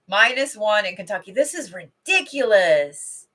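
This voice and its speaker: A middle-aged woman reads cards intuitively on a casual home livestream, rambling and swearing freely. She speaks at a moderate pace in an expressive, lowish, somewhat bright voice.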